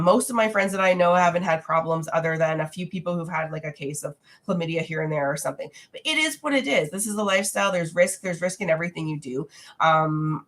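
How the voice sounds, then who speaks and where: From home, a young adult woman hosts a casual livestream Q&A, speaking frankly and reading viewer comments aloud. Her fairly low, slightly bright voice sounds congested and nasal from a recent cold.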